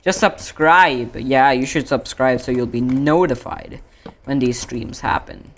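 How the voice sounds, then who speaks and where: Here a gaming streamer from India speaks at medium pitch in a steady tone. Chatting casually, he rambles along, drags out his fillers, and frequently stops to correct himself partway through sentences.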